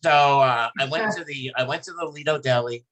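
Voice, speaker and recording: A man's voice: mid-range voice, brisk, fairly bright tone. A man hosting a podcast, telling a long, emotional personal story in casual chat, rambling with many restarts. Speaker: podcast host.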